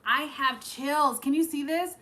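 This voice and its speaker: A woman's voice: high voice, a little slow, pushed and bright. A woman giving a live-streamed channeled reading, emotional and fighting back tears, rambling and swearing as she goes. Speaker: psychic reader hosting a live stream.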